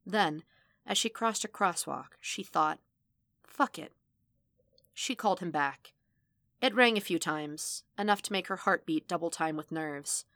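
A woman reading fan fiction aloud as audiobook narration, steady and measured. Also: on the low side, dry recording. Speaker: podfic reader.

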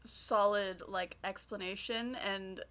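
Podcast co-host, young woman from Ontario, chatty and giggly, with a clear, bright voice. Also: mid-range voice, steady tone, slow pace. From Southwestern Ontario, Canada. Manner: chatty, giggly, many fillers. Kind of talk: casual chat.

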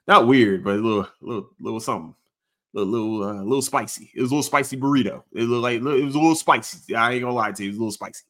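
A man hosting a casual sports podcast, rambling and swearing, jumping into sudden high excited outbursts. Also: quick pace. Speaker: podcast host.

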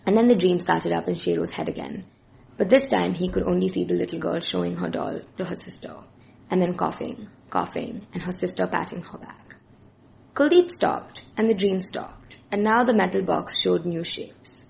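A woman reads a story aloud in a steady narration. Her low voice carries a heavy gravelly fry. The recording sounds dull and lo-fi. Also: normal speed, slight background noise. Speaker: story reader. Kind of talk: scripted narration.

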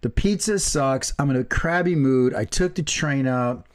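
A man co-hosting a casual podcast, from the American Midwest. He talks in a teasing way, laughs often and swears freely, at a middle pitch. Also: normal speed. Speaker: podcast co-host. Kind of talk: casual chat.

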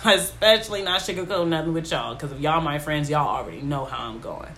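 A woman's voice: sits low, quick pace, fairly bright tone, a little hiss or hum. A young woman, hosting a casual podcast monologue in a blunt, rambling way that drifts off on tangents. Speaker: podcast host.

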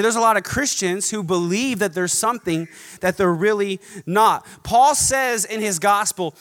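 A man's voice: sits high, normal speed, a bit bright. A man preaching a sermon as pastor, emphatic and rhythmic, stacking repeated contrasts. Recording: long hall reverb.

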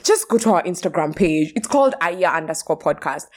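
A young woman hosting a casual podcast chat, expressive and mixing in Swahili words. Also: fairly low pitch, brisk. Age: young adult. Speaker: podcast host.

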